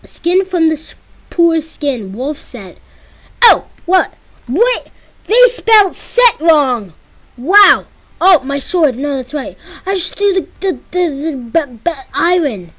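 A woman giving casual let's-play commentary as she plays, excitable and yelping and pleading whenever danger strikes. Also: high voice, takes it slowly. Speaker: gameplay commentator.

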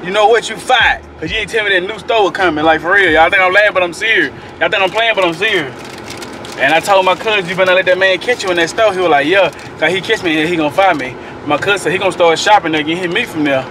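High-pitched man vlogging outdoors. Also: fast. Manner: animated, laughing storyteller addressing viewers as y'all. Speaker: family vlogger. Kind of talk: casual vlog chat to camera. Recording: noisy background.

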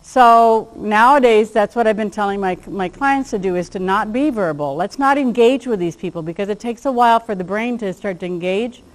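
A woman gives a relaxed lecture to a class on handling dogs. She keeps it chatty and acts out little exchanges as she goes. Now and then she laughs at her own jokes. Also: medium pitch, normal speed, few pauses, low-quality recording. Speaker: dog behavior trainer.

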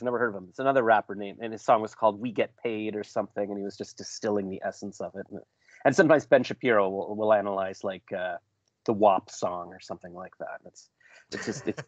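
A man's voice: lowish voice, no room sound. Man, podcast host, rambling jokey chat, dry dull video-call sound. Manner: rambling, self-deprecating, jokey. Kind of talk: casual video-call interview.

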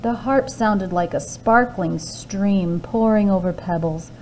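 Slow, expressive woman reading a fairy tale. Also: medium pitch, a little hiss or hum, poor audio. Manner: expressive, with hushed asides to listeners. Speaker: librarian reading aloud. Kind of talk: children's storybook reading.

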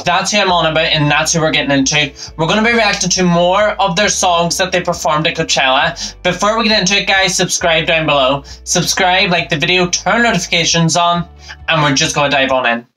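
A man's voice: sits high, low-quality recording. A man hosting a reaction channel, giving upbeat, enthusiastic commentary on a concert performance. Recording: concert music playing loud behind. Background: music.

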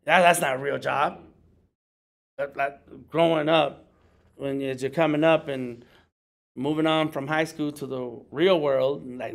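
A man's voice: steady tone, a little slow, gravelly, pauses often. A middle-aged man, a working artist, giving a casual workshop talk and acting out other people in jokey voices. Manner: conversational, acts out others in high jokey voices.

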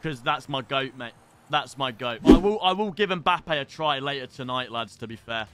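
A young man streaming live and chatting casually while opening packs in a football game, excitable and sweary. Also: medium pitch, moderate pace, very noisy. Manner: excitable, shouts at pack pulls, swears.

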